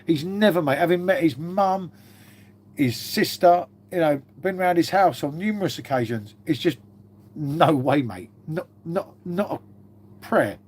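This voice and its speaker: A man's voice: on the high side, lively intonation, unhurried, darkish tone, slightly rough. A man chatting casually on a live stream, swearing freely and calling his viewers mate.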